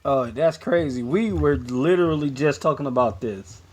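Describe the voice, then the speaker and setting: A man's voice: on the high side, animated, normal speed, a little mellow. A man co-hosting a casual remote podcast, wry and playful. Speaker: podcast co-host.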